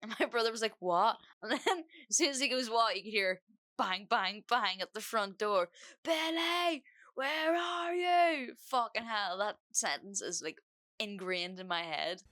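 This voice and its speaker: Bright-voiced woman telling a story. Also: mid-range voice, moderate pace. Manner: animated, swearing, laughing storyteller. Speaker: podcast host. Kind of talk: storytime monologue.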